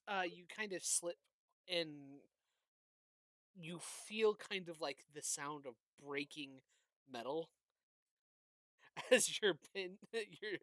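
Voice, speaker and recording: A game master narrating a tabletop game with halting delivery and many fillers. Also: mid-range voice, fairly bright tone, dry recording.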